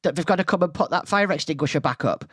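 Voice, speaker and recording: A man voicing a short-tempered woman headteacher who squeals and barks demands in a high voice. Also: quick pace, breathy edge, no echo, clean studio sound. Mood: demanding. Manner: barking demands.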